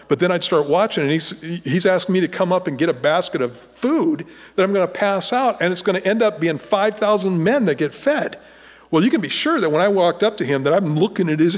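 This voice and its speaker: A man preaching a sermon as pastor in a casual, conversational way, often restarting phrases and growing animated when he retells a scene. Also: a little high, moderate pace, big-room sound. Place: church sanctuary.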